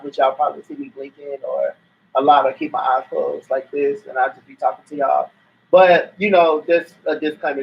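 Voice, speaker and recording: Tired joking man on lo-fi laptop mic. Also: a little high. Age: 30s. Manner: laid-back, joking, keeps addressing viewers. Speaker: guest on partner's vlog. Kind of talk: casual chat to camera. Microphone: laptop built-in mic.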